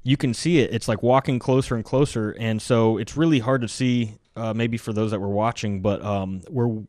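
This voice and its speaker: A man, a military veteran, telling war stories in a loose, animated, casual podcast conversation. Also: lowish voice, moderate pace, no room sound.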